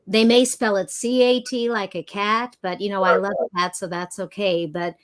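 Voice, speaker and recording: A woman's voice: medium pitch, fairly even intonation, normal speed. Chatty middle-aged woman guest. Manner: chatty, storytelling, spells things out. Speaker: guest, actress. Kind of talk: casual chat.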